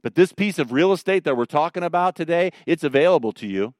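A middle-aged man preaching a sermon, swinging between loud emphatic lines and quiet tender ones. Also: a little high, animated, quick pace, dry recording, studio quality. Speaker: pastor.

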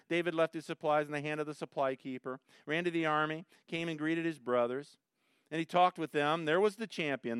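A man preaching a sermon with a smooth, resonant voice, working through the text verse by verse. He moves from calm explanation to emphatic, rising bursts. The sound is dry and close, with no room echo. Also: a little high. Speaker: pastor.

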